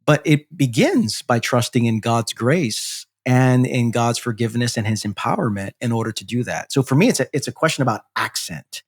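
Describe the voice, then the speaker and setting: Male pastor guest, measured and reflective, mid-range voice, fillers as he thinks. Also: medium pitch, animated, slightly rough. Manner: thoughtful, measured, explains with many fillers. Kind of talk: reflective theological discussion.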